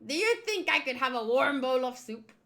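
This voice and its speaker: A woman's voice: high voice, sing-song, moderate pace, fairly bright tone. A woman reading a manga aloud, voicing a flamboyant, theatrical man who is gushing, dramatic and over-polite. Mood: grateful. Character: flamboyant, theatrical male pirate-crew castaway.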